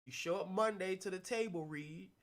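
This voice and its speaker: A man chatting casually in an interview, telling a story in an animated, slangy way. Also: high voice, moderate pace. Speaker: guest actor.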